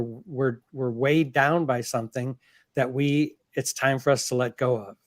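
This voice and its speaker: Author guest, man, mid-pitched, earnest and measured reader. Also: steady tone, no room sound, studio quality. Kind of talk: reading from his novel and chatting.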